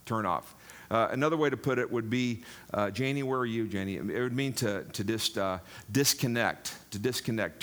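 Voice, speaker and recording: A man's voice: medium pitch, brisk, a bit bright. An older man preaching a sermon in a jokey, rambling way, talking straight to the congregation. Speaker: pastor.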